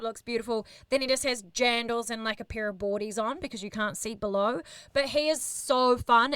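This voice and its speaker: Lively New Zealand woman telling anecdotes. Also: a little high, clean tone, dry recording. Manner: animated, swears, acts out others in quoted voices. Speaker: radio host. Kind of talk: casual storytelling.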